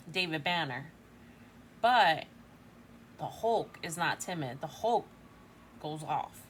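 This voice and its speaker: A woman's voice: on the low side, fairly bright tone, slight background noise. A woman in her forties giving a casual tarot reading, chatty and thinking aloud, often tagging lines with "right?". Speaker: tarot reader.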